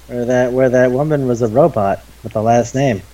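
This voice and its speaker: A man in his twenties co-hosting a casual chat podcast, excitable and quick to swear. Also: medium pitch, muffled recording. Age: 20s. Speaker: podcast co-host. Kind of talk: casual chat about anime.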